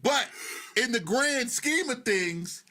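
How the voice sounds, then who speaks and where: A man with an Arabic accent hosting a podcast, telling stories in an animated way and laughing often. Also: very high voice, takes it slowly. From Arab world. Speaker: podcast host. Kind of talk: casual interview chat.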